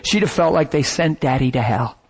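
A man preaching, telling a story in an animated, dramatic way that breaks at times into shouts and laughter. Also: mid-range voice, brisk, husky. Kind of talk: sermon storytelling.

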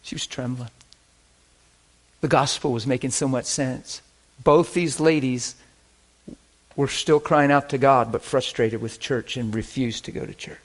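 A man preaching a sermon, telling stories in an animated way that swings from hushed to loud. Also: mid-range voice, a little slow, pauses often. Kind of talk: sermon storytelling.

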